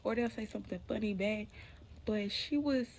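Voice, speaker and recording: A woman's voice: medium pitch, moderate pace, slight background noise. Chatty woman telling a spooky storytime. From Alabama, US. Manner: chatty, addresses viewers as y'all, drops to a hushed tone for spooky parts. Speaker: storyteller, channel host. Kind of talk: casual storytime chat to viewers.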